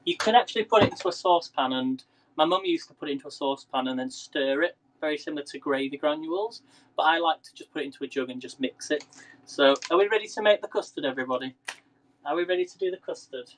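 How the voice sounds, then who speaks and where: A man's voice: fairly high pitch, fast, a little hiss or hum, rough recording. Chatty man cooking live. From England. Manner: chatty, laughs often, chats with viewers by name. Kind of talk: casual live-stream cooking chat. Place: home kitchen.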